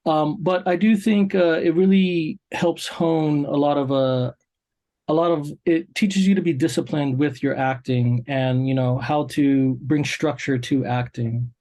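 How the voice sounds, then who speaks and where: A man interviewing a performer, encouraging and halting, with many fillers. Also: on the high side, steady tone, dark tone. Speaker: interviewer, creative director. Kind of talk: casual interview.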